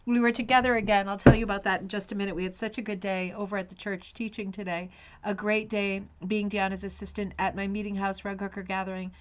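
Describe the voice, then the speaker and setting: A woman's voice: mid-range voice, flat delivery, fast talker, highs cut off, slight background noise. Chatty woman greeting live-stream viewers. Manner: scattered, self-interrupting. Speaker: host of a rug hooking live stream. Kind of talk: casual live-stream chat.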